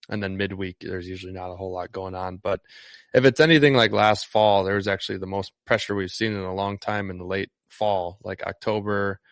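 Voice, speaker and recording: A man from Northeast Wisconsin with a lowish voice, chatting loosely about his guiding work, full of ums and false starts. The sound is dry and close, with no room around it. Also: a little fast, no room sound. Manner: relaxed, rambling, lots of ums and restarts. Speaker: fishing guide. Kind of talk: casual interview chat.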